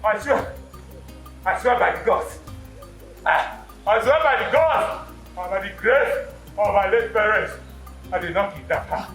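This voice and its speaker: A man's voice: sits high, a little slow, pauses often, a bit bright, roomy sound, soft background music, poor audio. An actor with a Nigerian accent playing a desperate man who begs and repeats himself. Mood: pleading. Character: desperate man accused of kidnapping, pleading.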